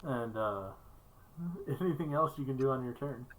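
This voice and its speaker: A woman's voice: rumbling low, moderate pace, poor audio. A woman narrating as game master of a tabletop game, laughing often and talking loosely with fillers.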